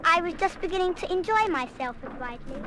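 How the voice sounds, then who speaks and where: A woman's voice: very high-pitched, expressive, fairly quick. A woman playing a kind-hearted, impulsive boarding-school girl who frets over her mistakes, in 1970s radio play style. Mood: remorseful. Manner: earnest, fretful self-reproach. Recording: hissy old vinyl record.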